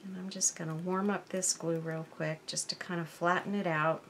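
Woman crafter, casual tutorial, chatty and thinking aloud, bright crisp tone, faint noise behind. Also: on the low side, little pitch movement, normal speed. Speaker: crafting channel host. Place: craft workbench.

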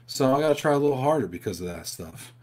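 A man's voice: medium pitch, expressive, quick pace, darkish tone. Chatty upbeat man hosting a live stream. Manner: chatty, upbeat, talks straight to viewers. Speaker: host of a live show. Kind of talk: casual live-stream chat, reading viewer questions. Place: at home.

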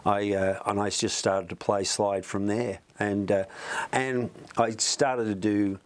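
A middle-aged man with a fairly low voice tells long, meandering stories in a relaxed interview. He stops and restarts often and keeps adding asides, the way someone talks while sitting in a music studio. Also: slow. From Australia. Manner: rambling, chatty, many restarts. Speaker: musician guest. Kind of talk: storytelling in an interview.

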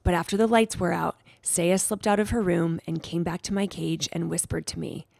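Woman reader for a kids' chapter book, lowish voice, gentle and expressive. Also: normal speed, vocal fry, dry recording, clean studio sound. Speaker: storybook reader. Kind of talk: reading a children's chapter book aloud.

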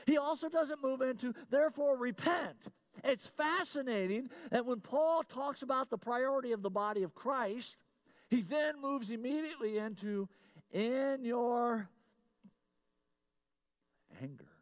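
High-voiced pastor preaching with swings. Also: male voice, unhurried. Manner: swings from loud emphatic lines to low confiding asides, repeats key phrases. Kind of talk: sermon.

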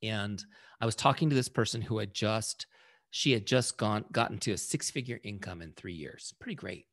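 A man's voice: on the low side, normal speed, a bit bright. A man leading a casual sales training session, telling a story and acting out quoted lines in a conversational way.

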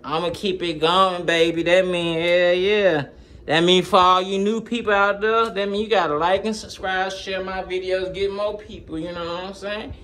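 A man's voice: high voice, fairly even intonation, moderate pace, fairly bright tone. A man chatting casually to his channel, rambling in slang and laughing often as he jumps between topics, recorded on a phone. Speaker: gaming YouTuber. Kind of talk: casual vlog chat.

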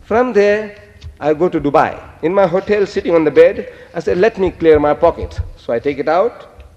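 An older man giving an animated public lecture, telling stories and quoting Arabic phrases. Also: fairly high pitch, normal speed, big-room sound, muffled recording.

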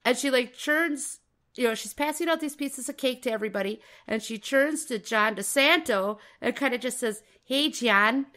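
Woman, podcast co-host, animated storytelling, bright tone, a little high. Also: normal speed. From Minnesota, USA. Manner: animated storyteller, repeats phrases, puts on voices for quotes. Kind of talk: casual true-crime chat.

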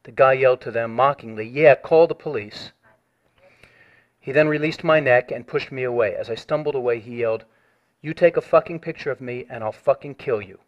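A man on a recorded phone call, formally reading out a written complaint and pressing his point. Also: mid-range voice. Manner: measured, formal, reads a written statement.

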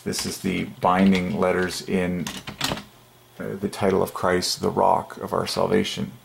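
A man with a very deep, heavily gravelly voice delivers an excited religious monologue straight to his viewers. He talks emphatically and keeps breaking into little chuckles. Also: unhurried, background noise. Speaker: channel host. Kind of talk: casual religious monologue to camera.

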